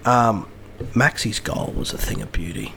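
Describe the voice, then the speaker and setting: A man's voice: fairly low pitch, huge pitch swings, measured pace, vocal fry, a bit bright, slight background noise. A man co-hosting a casual football chat, swearing freely and joking between points. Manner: profane, banter-heavy, jumps between topics.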